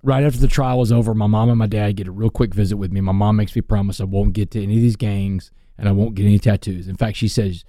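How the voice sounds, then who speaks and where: A man telling his life story as a guest in an interview, in an earnest, animated way. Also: lowish voice, fast talker, few pauses, no echo, clean studio sound.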